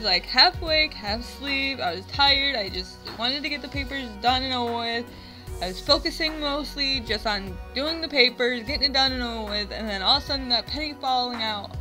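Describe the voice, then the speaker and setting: A woman's voice: a little high, sharp tone, rough recording. A young woman in her twenties from the US, rambling through a funny personal story to her vlog viewers, filler words throughout. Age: 20s. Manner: rambling, self-mocking, lots of "like" fillers. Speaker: vlogger. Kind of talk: casual storytelling to camera.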